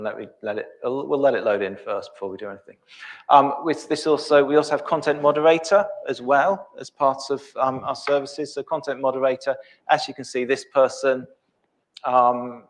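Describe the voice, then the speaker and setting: Middle-aged guy walking thru a live demo, lots of ums, mid-pitched ordinary voice. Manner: halting, thinking aloud with many ums. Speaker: presenter.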